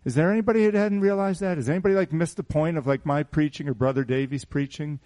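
Middle-aged male pastor, slightly high voice, animated sermon full of rhetorical questions to a small congregation. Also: fast talker. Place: small church hall.

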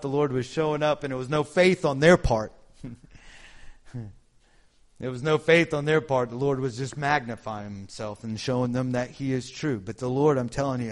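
A man preaching a Sunday sermon with mounting fervor, acting out quotes. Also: medium pitch. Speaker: pastor. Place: church service room.

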